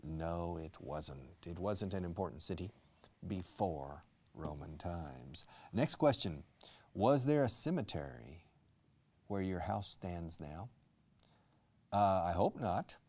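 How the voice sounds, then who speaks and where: A man's voice: deep voice, lively intonation, slow, a little mellow. A man teaching English in a live-streamed lesson, explaining words and dropping into Spanish asides.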